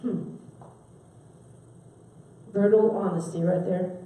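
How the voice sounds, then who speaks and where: A woman giving a sermon, asking her listeners questions and stressing key words with soft pauses. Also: mid-range voice. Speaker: preacher. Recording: very echoey, from far off the mic.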